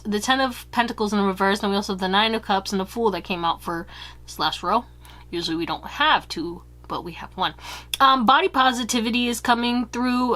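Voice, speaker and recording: A woman giving a casual pick-a-card tarot reading to her viewers, chatty and candid, with slang and casual swearing. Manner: acts out quoted remarks in higher, louder voices. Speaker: tarot reader.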